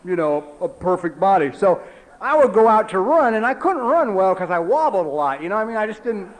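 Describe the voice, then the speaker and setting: High-voiced man telling his story. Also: sing-song, brisk, poor audio. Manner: conversational storytelling with frequent "you know"; drops low and quiet for emphasis. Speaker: recovery meeting speaker. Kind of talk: personal story talk. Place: meeting hall.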